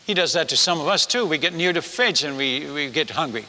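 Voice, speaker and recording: A man's voice: fairly high pitch, expressive, brisk, pushed and bright, a little hiss or hum. A man, a missionary preacher, tells a story in a sermon, acting out the dialogue and the sound effects. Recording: long reverb of a large hall.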